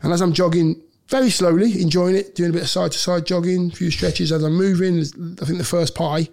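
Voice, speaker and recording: A middle-aged man, a former footballer and podcast guest, telling a lively anecdote and often laughing. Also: high voice, a little fast, vocal fry. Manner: animated storyteller, laughs often, acts out quotes. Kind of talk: storytelling anecdote in a podcast interview.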